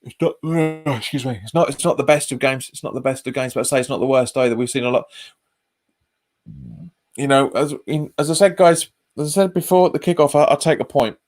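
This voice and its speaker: A man's voice: mid-range voice, brisk, a little mellow. A man hosts a live football watch-along. He chats casually, repeats his phrases and reads viewer comments aloud. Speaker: fan channel host.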